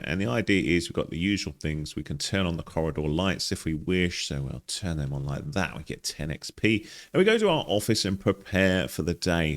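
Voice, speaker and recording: A man's voice: low-pitched, gravelly. A man hosting a casual game walkthrough, chatting wryly and thinking aloud. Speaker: gaming channel host.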